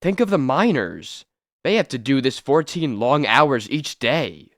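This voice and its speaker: A man voicing a commanding male superhero from an old comic book, who speaks slowly and firmly with a lively rise and fall. The voice is dry and close, with no room sound. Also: medium pitch, dry recording. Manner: firm and commanding. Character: stern strong male hero disguised as a miner. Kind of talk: comic book read-aloud.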